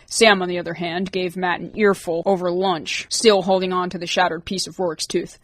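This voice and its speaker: A woman narrating an audiobook chapter in a steady, even way. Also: fairly low pitch, normal speed, few pauses, dry recording. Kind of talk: reading a novel aloud.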